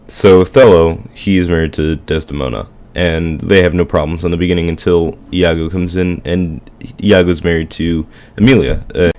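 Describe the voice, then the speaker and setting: A man's voice: low voice, fairly even intonation, moderate pace, darkish tone. A man casually retelling a story for a school project, rambling with lots of fillers and slang. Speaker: student presenting a school project.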